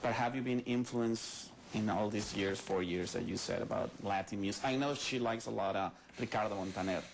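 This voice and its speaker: A man's voice: on the low side, brisk, creaky, slight background noise, low-quality recording. A man from Colombia, a native Spanish speaker, interviewing a guest on radio and switching between English and Spanish.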